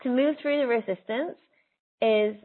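A woman giving a live spiritual reading, speaking in a soft, earnest, coaxing way and slowing down on key phrases. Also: fairly high pitch. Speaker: spiritual intuitive guide. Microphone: laptop on a video call. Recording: tinny phone-like call audio.

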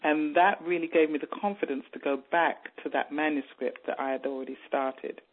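A woman's voice: deep voice, normal speed. A woman raised in England, an author telling her story in a radio interview and acting out the voices she heard. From born in Jamaica, raised in England. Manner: animated storytelling, mimics voices she overheard. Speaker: author guest. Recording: narrow phone-like radio sound.

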